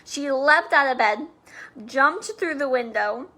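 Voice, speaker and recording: A woman reading a storybook aloud to children, with playful chatty asides and soft whispers. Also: high voice, takes it slowly.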